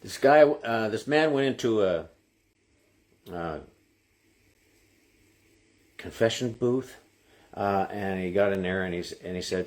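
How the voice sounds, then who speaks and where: A man hosting a live stream, singing folk ballads over his own guitar and telling jokes in a halting, casual way. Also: sits low, a little mellow. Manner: slow, lingering ballad singing; halting, with many restarts. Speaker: musician and live-stream host. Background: acoustic guitar.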